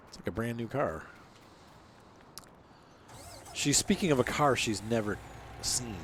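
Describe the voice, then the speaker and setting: A man's voice: medium pitch, animated, brisk, slight background noise. Chatty man narrating his gameplay. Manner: chatty, rambling, teasing banter. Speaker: gaming channel host. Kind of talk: casual let's-play commentary.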